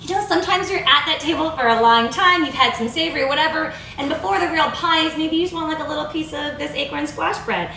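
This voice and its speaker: A woman hosting a live cooking demonstration in a kitchen, chatty, bubbly and easily excited. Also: sits high, fast, few pauses, echoey room, a little hiss or hum. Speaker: cooking show host.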